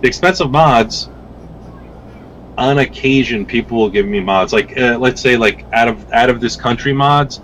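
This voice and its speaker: A man chatting as a guest on a podcast, his voice sitting somewhat low. He tells stories loosely, with plenty of cursing and restarts. A faint hum of noise sits behind him. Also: fairly bright tone, low-quality recording. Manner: rambling, profane, repeats himself. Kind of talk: casual storytelling chat.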